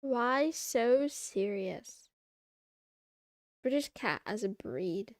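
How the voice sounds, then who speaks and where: A woman's voice: fairly high pitch, animated, drawn-out words, no room sound, studio quality. A woman streamer chatting casually on a live stream, answering her chat in a sarcastic, playful way.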